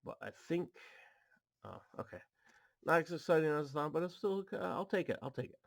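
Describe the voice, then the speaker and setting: Dude with a gravelly voice opening card packs at home, dry close sound, reads card text out loud, goofs around a lot. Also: male voice, on the high side, expressive, a little fast, dry recording. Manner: chatty, reads card text aloud with goofy asides. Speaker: card pack opening host. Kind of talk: casual chat while opening cards. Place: home apartment.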